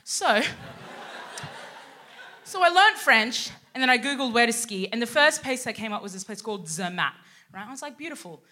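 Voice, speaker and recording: Lively high-voiced woman doing stand-up. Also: normal speed, long pauses, a little hiss or hum. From Sudan, raised in Australia. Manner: animated, swearing, acting out quotes. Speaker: co-host. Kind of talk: stand-up comedy set. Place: live show on a stage.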